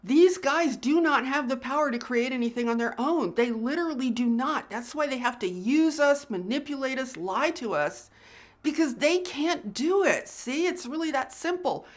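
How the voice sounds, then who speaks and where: Woman host, fairly high pitch, earnest emphatic talk to camera, repeats herself for punch. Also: animated, moderate pace. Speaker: spiritual channel host. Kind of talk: casual direct-to-camera talk.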